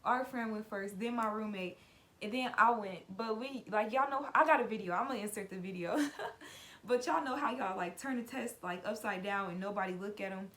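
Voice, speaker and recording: A woman's voice: medium pitch, moderate pace, a bit bright. A young adult woman vlogger telling a personal story in a loose, chatty way, often saying "like" and addressing her viewers as "y'all". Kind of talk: casual story time.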